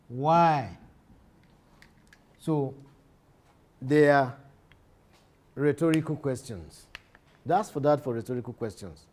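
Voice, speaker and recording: A man lectures on literature in a slightly high voice. He repeats each key phrase and often breaks off to restart a sentence. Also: a little mellow. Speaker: literature teacher.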